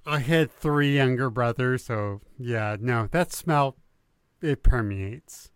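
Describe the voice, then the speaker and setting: Smooth-voiced man in casual podcast chat. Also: mid-range voice, no echo. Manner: laughing, tries quick impressions. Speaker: podcast co-host.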